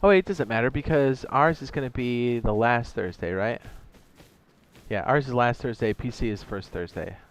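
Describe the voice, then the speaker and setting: A man's voice: mid-range voice, moderate pace, clear, resonant tone. A man live-streaming a survival game, rambling casually, talking to himself and reading chat aloud, saying "dude" often. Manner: rambling, chatty, says "dude" a lot, talks to himself; reads chat messages aloud.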